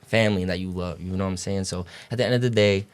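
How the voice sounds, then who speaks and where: A young college basketball player on a podcast races through his stories in a smooth, low-pitched voice with fairly even intonation. It's casual, meandering talk thick with slang, swearing and fillers like "you know what I'm saying".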